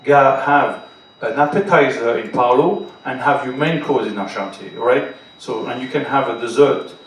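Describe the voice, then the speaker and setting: A French-accented man talks to a live audience in his second language, lively and persuasive. His voice sits at a middle pitch. The sound is distant and echoey, with faint hiss under it. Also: moderate pace. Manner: animated, speaks straight to the audience, repeats "trust me". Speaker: cruise beverage director on a panel. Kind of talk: panel talk to a live audience. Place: large hall with an audience. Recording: echoey hall, distant mic, faint noise.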